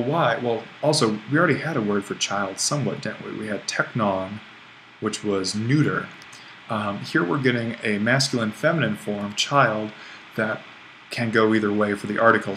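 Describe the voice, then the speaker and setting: A man's voice: fairly low pitch, a bit bright, slight background noise, poor audio. A man teaching a recorded online language lesson, explaining at an easy pace with restarts and small self-corrections. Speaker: Greek language instructor.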